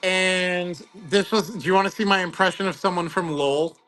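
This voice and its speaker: A man hosting a card-opening livestream in casual, excitable chat, greeting viewers by name. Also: sits high, moderate pace, faint music behind.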